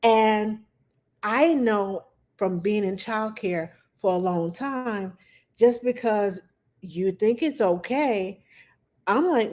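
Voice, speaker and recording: A woman's voice: medium pitch, slow. A woman hosting a casual livestream as a nanny. She tells stories with animation and acts out what she was thinking back then. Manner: animated storytelling, acts out her own past thoughts.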